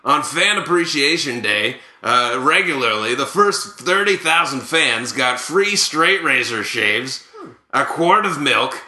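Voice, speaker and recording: A man playing an older male ex-ballplayer who tells rambling, boastful, made-up stories in a deadpan way. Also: mid-range voice, slow pace, echoey room, exaggerated voice.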